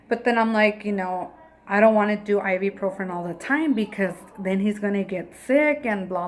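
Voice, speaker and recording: A woman in her thirties, a mother and vlogger, tells a personal story casually and emotionally, often acting out what people said. She speaks at a normal speed in a mid-range voice.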